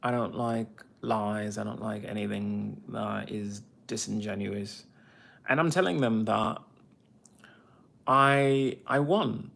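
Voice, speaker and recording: A man's voice: on the low side, takes it slowly, vocal fry, a bit bright. A man talking on a livestream, rambling bitterly and swearing often while answering viewers' comments. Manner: rambling, bitter and profane ranting. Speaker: veteran livestreamer. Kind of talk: casual livestream monologue.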